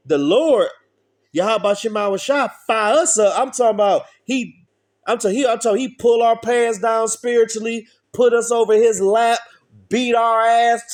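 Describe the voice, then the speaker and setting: Guy preaching scripture his own way, swears a lot, keeps going "all right?", slightly high voice. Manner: blunt, profane, preachy with call-and-response questions. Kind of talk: informal street sermon.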